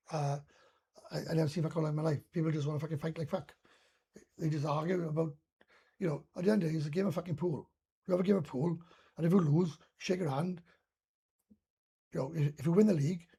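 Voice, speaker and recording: A man's voice: fairly high pitch, creaky, warm tone, slightly rough. A Welsh man from Wales doing a casual live stream chat, rambling and ranting with heavy swearing.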